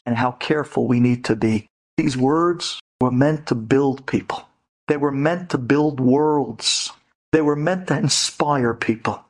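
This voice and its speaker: A man who is a rabbi giving a storytelling lecture to women, dramatic and acting out the voices in his stories. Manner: dramatic, acts out quoted voices with big pitch leaps; speaks directly to a women's audience. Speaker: rabbi and inspirational speaker.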